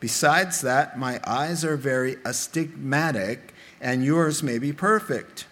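A man preaching a sermon in a church, animated and humorous, making direct appeals to the congregation. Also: mid-range voice, takes it slowly. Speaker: pastor. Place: church sanctuary.

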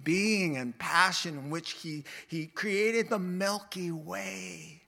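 A man preaching a sermon in a bright, high voice. He takes his time, letting each phrase land, and he acts out the voices in the stories he tells. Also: takes it slowly, gravelly, hardly any pauses. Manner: expressive preaching, acting out quoted voices. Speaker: pastor.

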